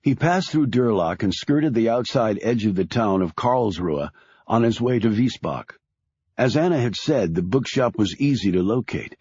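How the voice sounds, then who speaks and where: A man narrating a thriller audiobook in a measured storytelling way. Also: on the low side, a little mellow, breathy edge, dry recording, muffled recording.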